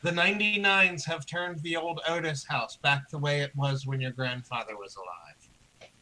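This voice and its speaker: A man taking part in a tabletop game, stumbling and restarting as he speaks. His voice is bright and sharp, sitting a little high. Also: moderate pace, poor audio. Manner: hesitant, restarts mid-sentence. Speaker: player. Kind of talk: tabletop role-play.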